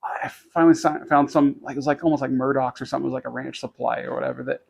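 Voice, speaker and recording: Man podcast co-host, gravelly mid voice, rambling casual storyteller. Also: mid-range voice, steady tone, racing. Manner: rambling, many restarts and fillers, laughs while telling stories.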